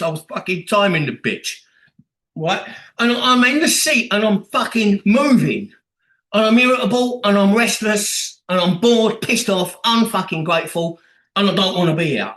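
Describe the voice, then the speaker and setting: A man's voice: high-pitched, sharp tone, roomy sound, low-quality recording. A man speaking bluntly at a recovery meeting, swearing a lot and acting out the voices of the people he quotes. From England. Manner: blunt and heavily profane, acts out quoted voices.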